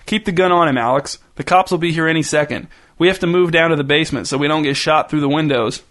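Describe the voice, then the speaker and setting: A man's voice: fairly high pitch, quick pace, fairly bright tone, close to an everyday voice. A man voicing a mop-haired young slacker, brash and dismissive, in a storybook reading.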